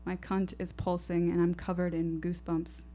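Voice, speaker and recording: Low-voiced woman performing intense poetic storytelling. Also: monotone, normal speed, warm tone, soft background music. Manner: intense, poetic, rhythmic delivery. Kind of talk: live first-person storytelling performance. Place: live showcase stage.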